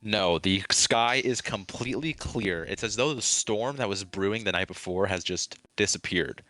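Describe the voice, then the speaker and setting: Casual game master, male, low bright voice, relaxed swearing. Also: moderate pace, no room sound. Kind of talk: narrating a tabletop game.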